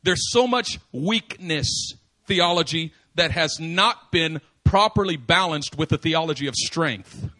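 A man preaching a sermon, swinging from quiet asides to loud, insistent emphasis and repeating phrases to drive them home. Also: a little high, a little slow. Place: church service.

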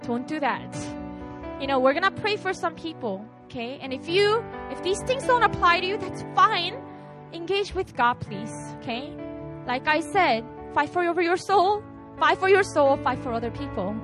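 A woman preaches to a retreat crowd in a high, bright voice that leaps up and down with feeling. She keeps checking in with her listeners and acts out short scenes as she goes, with soft music playing behind her. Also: moderate pace. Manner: lively preaching with repeated "right?" asides. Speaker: retreat speaker. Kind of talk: sermon.

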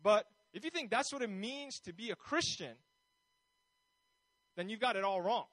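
Pastor, man, high-pitched, delivers a casual sermon and acts out the people he quotes, dry recording. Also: lively intonation, normal speed, fairly bright tone, dry recording, low-quality recording. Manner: conversational, many fillers, acts out quoted voices.

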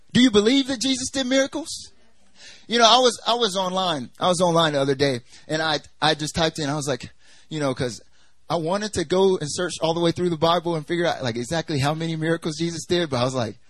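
Preaching at a church service, a young man talks loosely and conversationally, leaning on "like" and "you know" while acting out the voices he quotes. His voice has fairly high pitch and a fairly bright tone. The recording is low quality, with no room sound.

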